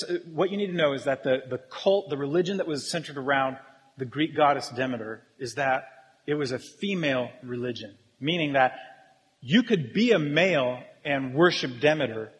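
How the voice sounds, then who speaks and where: A man delivers a sermon in a relaxed, humorous manner, polling and teasing the people in front of him. His voice sits a little high for a man. It rings out with the long echo of a large church hall. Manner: casual, joking, talks with the congregation. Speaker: pastor.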